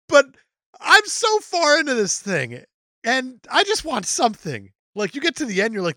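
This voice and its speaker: A woman's voice: medium pitch, very animated, moderate pace, bright, forceful tone, no echo, clean studio sound. A woman co-hosting a podcast, reviewing a movie in casual, sarcastic chat, often dropping into mock voices. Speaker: podcast co-host.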